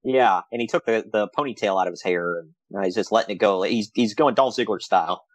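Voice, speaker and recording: In a fairly low voice with no echo, a man co-hosting a podcast discusses old wrestling shows casually. He stays animated, slipping in sarcastic asides and laughing quickly.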